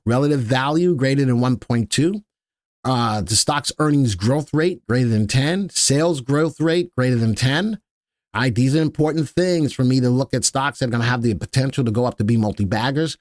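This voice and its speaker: A man's voice: mid-range voice, dry recording. Chatty man host, close dry mic. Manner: chatty, jokes with chat and crew, repeats key phrases. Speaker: livestream stock analyst host. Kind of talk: casual live stock-market commentary.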